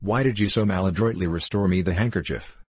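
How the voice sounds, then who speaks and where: A mild, coldly courteous young musketeer, read by a man. The voice sits low and a little husky, recorded close and dry with no room around it. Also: quick pace, no echo. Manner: calm, coldly polite. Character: mild, cool-tempered young male musketeer.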